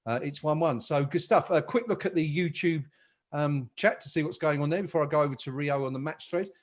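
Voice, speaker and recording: A man's voice: a little high, fairly quick. A man hosting a live football chat stream, upbeat and reading out viewer comments. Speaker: podcast host.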